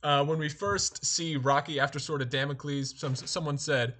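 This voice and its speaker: A man in a casual chat, reading out viewer comments in a mostly deadpan way. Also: on the high side, normal speed.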